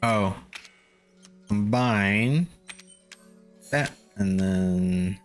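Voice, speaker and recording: Laid-back low-voiced streamer guy. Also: drawn-out words, soft background music. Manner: laid-back, swears, laughs a lot. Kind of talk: casual gameplay chat with viewers.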